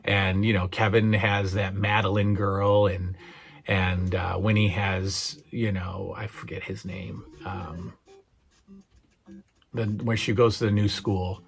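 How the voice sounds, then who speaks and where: A man's voice: deep voice, little pitch movement, takes it slowly, vocal fry. A middle-aged man hosting his own channel, chatting casually and hesitantly about memorable TV moments, with lots of fillers and restarts and a touch of emotion. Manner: gets emotionally worked up retelling scenes. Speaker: channel host.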